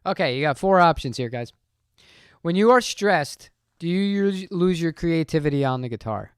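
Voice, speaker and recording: Chatty man with a smooth, dry voice. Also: on the high side, lively intonation, normal speed, no echo. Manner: rambling, chatty, reads chat aloud. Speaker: channel host. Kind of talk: casual live-stream chat.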